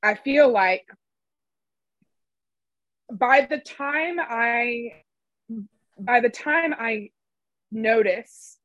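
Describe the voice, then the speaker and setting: A woman client speaking hesitantly on a call, halting and apologetic. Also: a little high, fairly bright tone, no room sound, dull audio. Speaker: coaching client.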